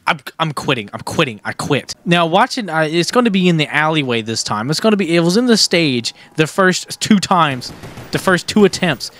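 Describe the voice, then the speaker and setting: A young man giving casual, excitable commentary on his own gameplay, laughing often and repeating himself. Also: fairly high pitch, normal speed. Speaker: gaming streamer. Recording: faint background noise.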